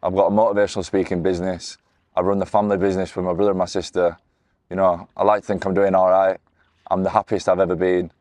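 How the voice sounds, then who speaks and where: A young man tells his own story to camera, earnest and candid, with frequent restarts. His voice sits very low and stays flat in tone. The recording is dry and close. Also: no room sound. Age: 20s. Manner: earnest, candid, with many restarts and "you know". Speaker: motivational speaker. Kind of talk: personal testimony to camera.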